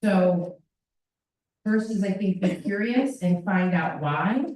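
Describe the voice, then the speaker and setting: A woman's voice: medium pitch, animated, slow pace, a little mellow, slight background noise. A woman presenting at a parent workshop, talking animatedly and acting out children's voices. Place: school meeting room. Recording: echoey room from far off.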